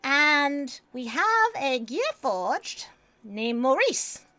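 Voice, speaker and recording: A woman's voice: very animated, drawn-out words, pushed and bright, exaggerated voice. A woman voicing a cheerful, tipsy little old druid lady whose words swing up and down in a sing-song way. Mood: tipsy, merry. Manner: sing-song, pitch going up and down.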